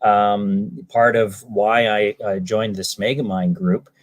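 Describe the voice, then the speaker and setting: Answering an interviewer's questions, a British Columbia salesman rambles, often saying um and starting over. He is a guest on the show, with a lowish voice, fairly even intonation and a slow pace.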